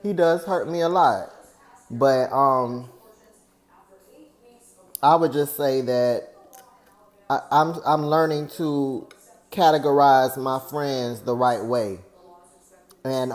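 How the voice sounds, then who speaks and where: A man, talking earnestly and at length to his viewers in a personal vlog, venting about a friend. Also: mid-range voice. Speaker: vlogger.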